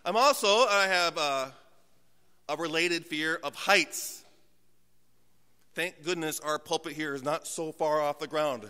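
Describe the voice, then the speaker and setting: A man preaching a sermon as pastor from a church pulpit, telling humorous, self-mocking stories and dropping to slow, hushed emphasis. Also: on the high side, clear, resonant tone. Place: church sanctuary. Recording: long church hall reverb.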